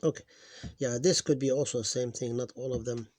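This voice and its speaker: A man teaching reading, slowly sounding out syllables one at a time, recorded on a close mic. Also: medium pitch, fairly even intonation, a little mellow, a little hiss or hum. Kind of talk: screen-recorded phonics lesson.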